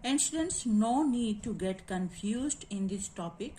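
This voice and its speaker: A woman teacher talks through a phonetics lesson at a slow, deliberate pace. She spells words out letter by letter and keeps checking that her students follow. Her voice sits at a middle pitch over faint background noise. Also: animated, mellow. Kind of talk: classroom lecture on phonetics.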